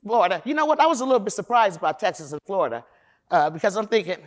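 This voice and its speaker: A loud, opinionated woman from Chicago gives a frank, profane talk at a conference. She is a defense lawyer with an emphatic delivery and a mid-range voice, and she addresses the audience directly. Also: mid-range voice, lively intonation, racing. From Chicago, USA. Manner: talks straight to the audience.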